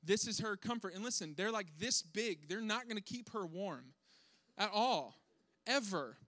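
A young man telling a funny family story to an audience, animated and self-deprecating, acting out his kids' voices. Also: high voice, a little slow, dry recording.

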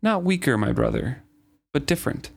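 A man reading aloud the lines of a calm, wise male wolf companion from a book. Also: mid-range voice, moderate pace, gravelly, breathy edge, pitched above the performer's own voice.

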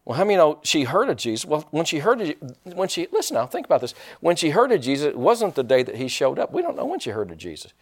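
A man's voice: on the high side, huge pitch swings, quick pace, few pauses. A male pastor preaching a sermon, asking the congregation questions and drawing responses. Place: church sanctuary.

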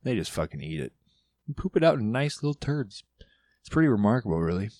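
A man rambling loudly on a casual podcast, swearing as he goes. His voice sits on the low side. The sound is dry and close. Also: sing-song, quick pace, no room sound. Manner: loud, profane, rambling. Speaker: podcast guest. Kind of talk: casual monologue.

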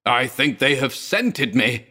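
A man reading aloud puts on a man unhinged by what he has seen, his voice breaking into shrieks and sinking into hoarse, moaning whispers. He is frantic and haunted, caught in a storybook tale of cosmic horror. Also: low-pitched, expressive, measured pace, fairly bright tone. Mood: shrieking terror. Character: terrified drug-haunted man, raving of hounds.

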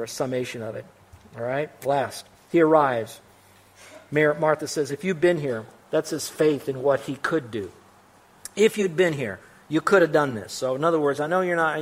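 A pastor delivers a sermon in an animated, emphatic way, with a man's voice that sits a little high. He lifts his voice sharply on quoted lines and lowers it for dry asides to the people in front of him. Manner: emphatic and animated, voice rising on quotations; wry asides to the congregation.

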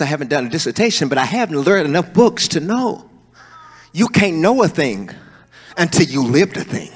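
A male preacher, preaching a sermon and swinging between soaring calls and low, joking asides. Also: a little hiss or hum. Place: church hall. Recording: long hall reverb.

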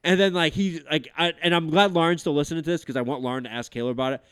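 A man's voice: on the high side, very fast, smooth, dry recording, studio quality. A man in his thirties hosting a podcast, telling rambling family stories with lots of fillers and swearing. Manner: animated storyteller, swearing, many fillers. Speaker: podcast host. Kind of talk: casual chat.

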